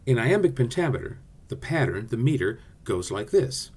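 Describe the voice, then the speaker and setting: A man's voice: mid-range voice, normal speed, hardly any pauses, slightly rough. A man teaching a class video, explaining poetic rhythm in a playful way and sounding out beats. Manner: lively, playful teaching voice with sung-out rhythm syllables.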